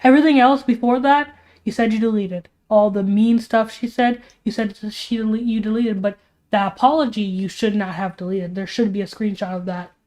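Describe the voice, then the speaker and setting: A woman's voice: mid-range voice, fairly even intonation, normal speed, darkish tone. A young woman streaming casual commentary while she draws, tired and exasperated, asking rhetorical questions as she rambles.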